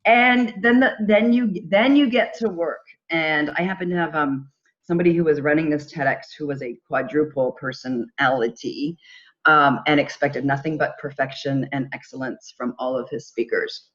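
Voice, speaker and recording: A middle-aged woman tells a personal story as a podcast guest. She talks in a lively, animated way and slips into quoted voices for the people in it. The recording sounds dull and lo-fi. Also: deep voice, normal speed. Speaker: podcast guest, charity founder. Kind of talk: casual storytelling.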